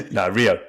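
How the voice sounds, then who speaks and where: A man's voice: very high voice, pushed and bright. A man co-hosting a casual podcast with his brother, rambling and restarting his sentences. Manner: rambling, with frequent restarts and laughter. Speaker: podcast co-host. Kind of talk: casual chat between brothers.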